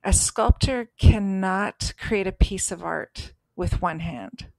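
A woman's voice: mid-range voice, takes it slowly, creaky, darkish tone, no room sound. A woman co-hosting a podcast, telling a personal story in an earnest, emphatic way. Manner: earnest, emphatic, acts out voices in stories. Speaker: podcast co-host.

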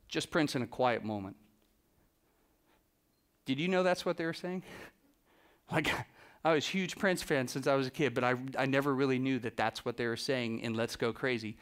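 A man giving a live, animated storytelling talk to an audience as a photographer, acting out the people he quotes by dropping his voice. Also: mid-range voice, clean tone. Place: presentation room with a live audience.

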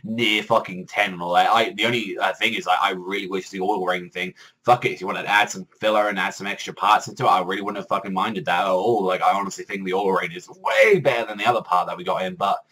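A man's voice: low voice, fast, few pauses, a bit bright. A man casually reviewing an anime episode, rambling and swearing a lot. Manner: rambling, heavy swearing, many "like" fillers.

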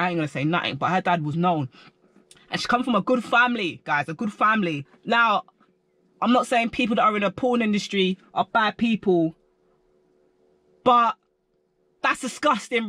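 A young man telling a story in a slangy, animated storytime vlog. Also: sits high, no echo. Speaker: vlogger.

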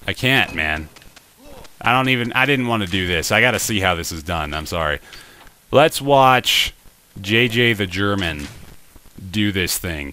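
A young man giving let's play commentary, excitable and talking to the game, with frustrated exclamations and laughs. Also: low voice, a little hiss or hum. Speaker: gameplay commentator.

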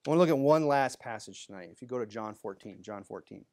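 A man's voice: on the low side, lively intonation, fast talker, a little mellow. A male pastor preaching a sermon, talking plainly to the congregation and raising his voice for Bible readings.

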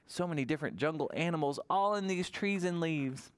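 A man reading a picture book aloud at a library toddler storytime, in an animated sing-song way and often asking the children questions. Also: a little high, fairly quick, smooth. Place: public library storytime room.

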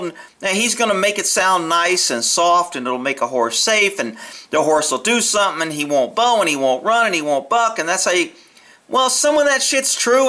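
A man's voice: high voice, bright, forceful tone. Blunt, profane man commenting on a video. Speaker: video commentator on horse training. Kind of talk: casual spoken commentary over a video.

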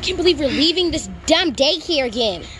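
A woman's voice: high voice, lively intonation, fairly quick, a bit bright, slight background noise. A woman improvising a game role-play, bossy and teasing with casual slang. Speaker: player.

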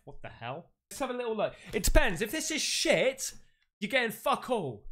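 A man hosting a casual unboxing vlog, chatty and excitable, calling his viewers mate. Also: high-pitched, normal speed. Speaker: YouTube host.

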